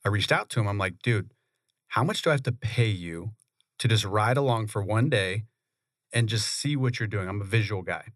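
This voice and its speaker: A man, a real estate investor, telling his story in a relaxed, conversational way in a radio studio. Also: on the low side, moderate pace, no room sound. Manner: relaxed, conversational, laughs often. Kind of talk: interview storytelling.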